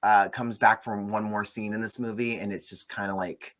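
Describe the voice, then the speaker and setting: A man hosting a casual movie review chat, animated and gossipy, often swearing. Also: lowish voice, normal speed. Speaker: host.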